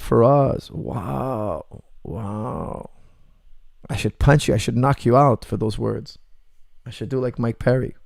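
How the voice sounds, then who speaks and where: A man with a gravelly, middle-pitched voice hosts a casual livestream Q&A as a martial arts coach. He reads chat messages aloud and answers bluntly, joking and laughing often. The sound is dry and close. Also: a little mellow, no room sound.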